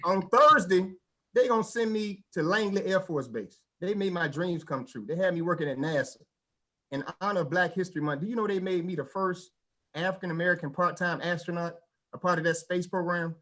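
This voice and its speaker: Male stand-up comic, high voice, animated storytelling, vernacular delivery. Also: fairly quick. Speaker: stand-up comedian. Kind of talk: stand-up comedy set.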